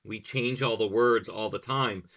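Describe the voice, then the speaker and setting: A man's voice: lowish voice, fairly even intonation, measured pace, a bit bright. A man hosting a podcast who is also a language teacher, explaining grammar examples step by step in conversation.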